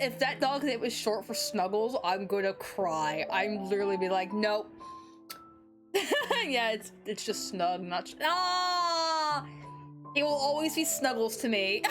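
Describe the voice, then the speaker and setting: Giddy high-voiced young woman streamer. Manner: excitable, giggly, swearing, dramatic. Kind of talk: casual livestream chat.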